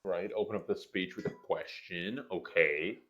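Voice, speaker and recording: Low-voiced man at a game table, quick with dry jokes. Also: a bit bright, muffled recording. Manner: wisecracking. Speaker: player.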